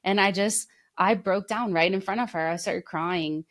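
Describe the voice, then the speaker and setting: A young woman co-hosts a podcast, her voice fairly low and her pace normal. In casual chat she rambles through long, heartfelt stories packed with fillers.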